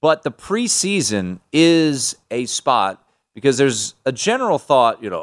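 A man's voice: medium pitch, big pitch swings, a little slow. A man hosting a sports betting talk show, chatting loosely and restarting his sentences often.

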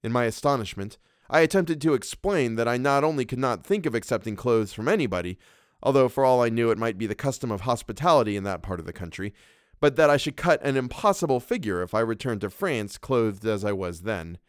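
A man's voice: mid-range voice, lively intonation, fairly quick, no room sound, studio quality. Man narrating a classic story. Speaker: podcast narrator.

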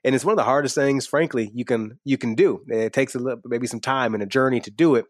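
A man's voice: medium pitch, quick pace, dry recording, studio quality. A man with a slight twang, candidly answering interview questions on a podcast in an earnest, upbeat way. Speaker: podcast guest and host. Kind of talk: conversational interview.

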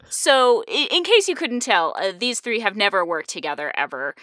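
A woman's voice: fairly high pitch, animated, a little slow, bright, forceful tone, no room sound, studio quality. A woman hosting a casual podcast chat, bubbly and fond of puns, laughing often. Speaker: podcast host.

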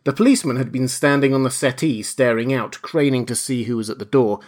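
A man reads a classic novel aloud as an audiobook. His delivery is measured and expressive, with a mid-range voice. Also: mid-range voice. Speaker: reader. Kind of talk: audiobook narration.

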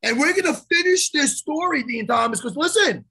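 A man hosting a podcast, telling a story in a profane, animated way and acting out the lines of the people in it. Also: extremely high pitch, brisk, vocal fry. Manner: profane, animated storyteller who acts out quotes. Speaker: podcast host. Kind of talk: casual storytelling chat.

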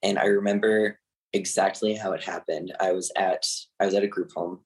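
A young man from Canada, telling a personal story candidly and haltingly, with many fillers and nervous laughs. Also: deep voice, steady tone, rough recording.

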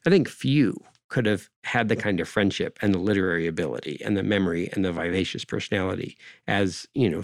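Man with gravelly voice, discursive interview guest, dry close sound, keeps asking "right?". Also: fairly low pitch, darkish tone, dry recording. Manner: discursive, peppers talk with "right?" and "you know". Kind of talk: conversational interview.

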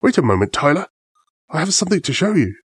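A man doing a gentle, husky badger. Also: on the high side, sing-song, fast, no room sound, studio quality, heavily acted. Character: kindly male badger, gentle and friendly.

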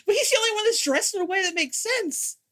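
A woman's voice: very high-pitched, expressive, quick pace, fairly bright tone. A woman joins a casual film podcast as co-host, chatty and easily amused, laughing often. Her talk is loose, with plenty of likes and you-knows. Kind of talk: casual chat.

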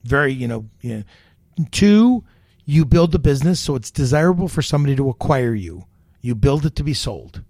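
A middle-aged man, a chef and restaurant owner, tells stories from his career in an interview. He acts out the people in his stories with animated energy. The sound is dry and close, with no room echo. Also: medium pitch, fairly quick. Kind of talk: storytelling interview.

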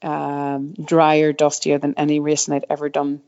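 Her deep, darkish voice is delivered completely flat and a little slowly. A middle-aged ex-downhill mountain bike racer, she is a guest in a casual interview, rambling about her racing days with frequent fillers and restarts; the audio is slightly dull and muffled.

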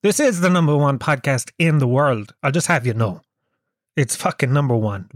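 Sick with a cold, this young Irish podcaster from Kerry delivers a loose, funny monologue, cursing and poking fun at himself as he rambles. He speaks at a normal pace in an animated mid-range voice, captured dry at studio quality.

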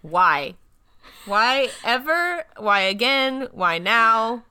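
A woman co-hosting a casual podcast, talking slowly in a high voice that swoops widely. She is giggly and teasing and keeps joking with her co-host. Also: lively intonation, sharp tone, clear, resonant tone. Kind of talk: casual chat.

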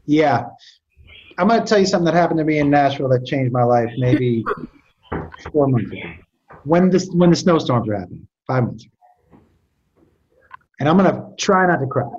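A man's voice: on the high side, animated, moderate pace, pauses often, a little mellow, muffled recording, a little hiss or hum. A man in casual conversation, telling stories animatedly with frequent restarts and stammers. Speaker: podcast guest. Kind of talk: storytelling in casual chat.

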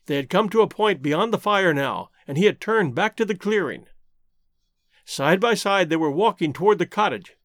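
With a high, animated delivery that swings dramatically up and down as the story unfolds, a man narrates an audiobook at a moderate pace. His read is close and dry, free of any room sound.

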